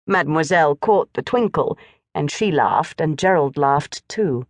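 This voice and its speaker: A woman narrating a classic children's storybook in an expressive, lively reading. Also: sits low, measured pace, no echo. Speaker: audiobook narrator.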